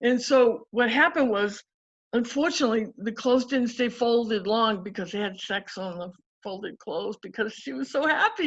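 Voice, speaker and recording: Animated woman coach telling a story. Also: a little high, normal speed. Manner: animated, acts out quotes in story. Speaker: guest coach. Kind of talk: casual interview storytelling. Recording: dull lo-fi audio.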